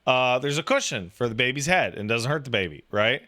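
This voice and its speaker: A man in his thirties chatting casually about raising a baby, profane and animated, full of "like" and restarts. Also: mid-range voice, a little fast. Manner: profane, animated storytelling with lots of "like". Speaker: podcast talker, new father. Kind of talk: casual chat.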